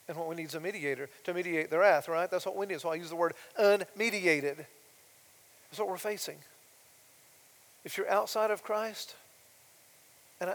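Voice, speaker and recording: Male pastor, high voice, shifts between loud emphatic lines and soft quiet asides; large reverberant sanctuary. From United States. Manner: swings from loud emphatic declarations to soft quiet asides, asks rhetorical questions. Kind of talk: sermon. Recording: long reverb of a large hall.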